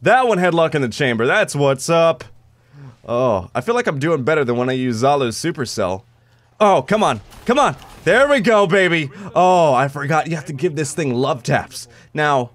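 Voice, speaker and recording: A young man giving excited live gameplay commentary, joking, shouting at opponents and dropping to low mutters. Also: normal speed, dry recording. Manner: animated, jokey, swings from shouting to muttering. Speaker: gameplay reviewer.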